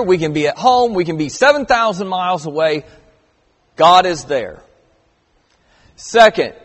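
A man's voice: on the high side, long reverb tail. A middle-aged man preaching a sermon as pastor, conversational with emphatic stresses, reading scripture aloud.

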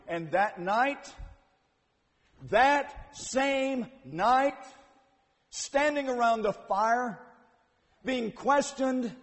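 High-voiced slow-preaching man in a hall. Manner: dramatic storytelling, acts out voices, swings from hushed to loud. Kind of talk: sermon. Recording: long hall reverb.

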